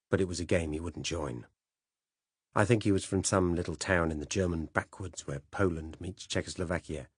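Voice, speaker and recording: Deep husky male audiobook narrator. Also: darkish tone, dry recording, studio quality. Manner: measured, dramatic first-person telling.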